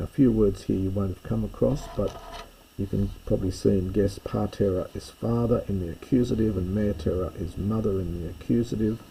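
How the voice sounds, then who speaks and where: A man teaches a language lesson at a deliberate, unhurried pace, working through each phrase and thinking aloud. His voice is low, gravelly and very dark, with a husky edge. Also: slight background noise, rough recording. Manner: slow, explanatory, thinking aloud. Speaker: Greek teacher. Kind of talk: recorded lesson walkthrough.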